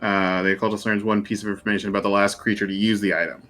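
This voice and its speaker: A man's voice: lowish voice, level tone, racing, sharp tone, soft background music. A man playing a tabletop role-playing game, reading his rules aloud in casual chat. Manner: reads rules aloud with fillers. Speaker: player.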